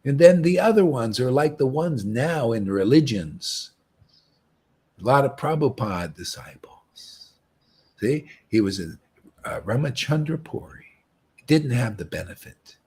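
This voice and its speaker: A man's voice: mid-range voice, lively intonation, measured pace, pauses often, a little mellow, breathy edge. A man giving a casual devotional talk as a spiritual teacher, often saying "man" and acting out quoted voices.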